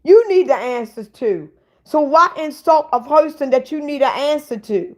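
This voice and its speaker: A woman's voice: high-pitched, animated, normal speed, darkish tone. A woman hosting a casual livestream, bluntly ranting and swearing at viewers in the chat. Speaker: livestream host.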